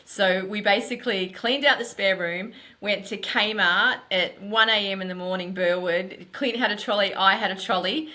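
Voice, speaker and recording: A middle-aged woman, a podcast guest, telling her story in a candid, animated and emphatic way. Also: medium pitch, normal speed, hardly any pauses. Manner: animated, emphatic, runs thoughts together.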